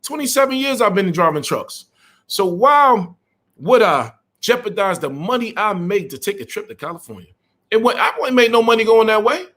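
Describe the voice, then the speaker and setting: Very animated and speaking at a normal speed, this middle-aged man has a high, fairly bright voice. He's a truck driver on a live stream, ranting bluntly, going over the same points again, and welcoming viewers in the middle of it.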